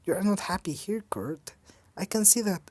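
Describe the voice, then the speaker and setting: A woman voicing a caring young man who speaks softly and reassuringly to his partner, read from a fan story. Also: medium pitch, moderate pace, slightly rough, no echo, voice pushed up, close to an everyday voice. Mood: soothing. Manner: soft, reassuring. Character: gentle, protective young man, soothing.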